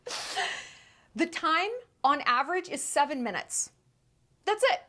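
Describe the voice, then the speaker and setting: A woman's voice: high-pitched, expressive, moderate pace, bright, forceful tone. A woman in her thirties hosting a sarcastic commentary rant, incredulous and emphatic. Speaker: commentary YouTuber.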